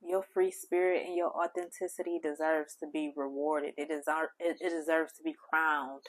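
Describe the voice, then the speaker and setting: A woman hosting a spiritual channel, speaking gentle, heartfelt affirmations straight to the listener. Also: low voice, little pitch movement, moderate pace. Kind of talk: affirming spiritual message to the viewer.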